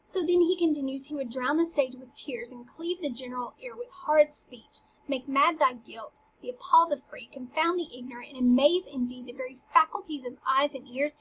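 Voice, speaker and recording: Woman teacher, high voice, slangy lively paraphrase, lo-fi sound. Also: moderate pace, hardly any pauses. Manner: lively, slangy paraphrase mixed with dramatic reading. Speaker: teacher explaining a play. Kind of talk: casual lecture paraphrasing a play. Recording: dull lo-fi recording.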